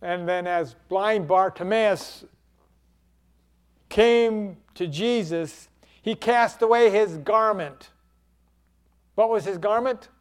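A man's voice: high-pitched, takes it slowly, pauses often, clear, resonant tone. A man preaching a sermon, acting out quoted cries in a dramatic preaching manner.

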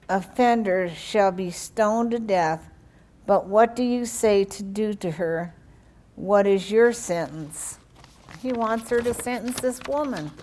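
Slow, fervent woman preaching. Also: medium pitch, a little mellow. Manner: slow, emphatic delivery with fervent prayer. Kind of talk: sermon with prayer and scripture reading.

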